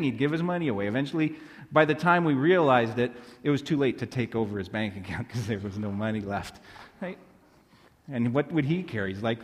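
A man's voice: medium pitch, lively intonation, fairly quick, big-room sound. A man preaching a sermon as a pastor, telling stories in a loose, conversational way with fillers and restarts.

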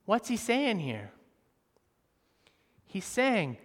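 High-voiced animated male preacher. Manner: animated, swings from soft and slow to loud and emphatic. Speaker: pastor. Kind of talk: sermon. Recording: reverberant hall.

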